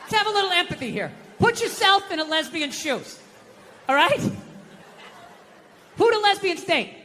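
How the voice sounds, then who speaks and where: His voice is very high-pitched and moves at a moderate pace as he does stand-up in a large theater, telling animated stories and acting out his inner voice. The live room adds reverb, and an audience can faintly be heard.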